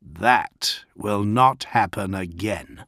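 A man voicing a proud, formidable male warlord who speaks slowly and haughtily. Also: lowish voice, pushed and bright, dry recording, studio quality, heavily acted.

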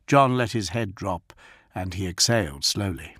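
A man narrating an audiobook in an even, unhurried reading. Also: low voice, no room sound, clean studio sound. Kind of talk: scripted narration.

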